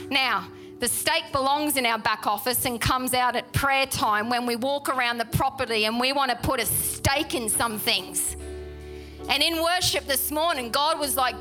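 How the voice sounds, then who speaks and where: Bright-voiced woman preaching. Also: high voice, moderate pace, soft background music. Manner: animated, chatty, with laughs and emphatic repetition. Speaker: pastor. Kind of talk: sermon. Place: church hall.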